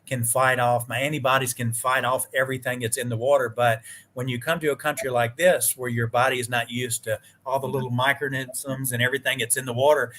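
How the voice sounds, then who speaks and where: A man chatting as a guest on a live stream over a video call, telling animated stories, acting out quoted dialogue and swearing mildly. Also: medium pitch, a little fast. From United States. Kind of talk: casual chat.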